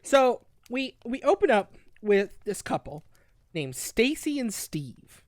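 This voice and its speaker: A young woman co-hosting a casual comedic book review, loud, profane and giggly while sipping wine. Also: fairly high pitch, big pitch swings, slow pace, no room sound. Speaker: podcast co-host.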